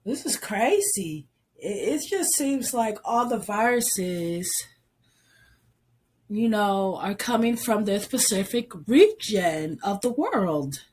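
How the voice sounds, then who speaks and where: A woman vlogger who is sick and coughing, talking casually and haltingly through news, stumbling over place names. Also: medium pitch, very animated, darkish tone, breathy edge.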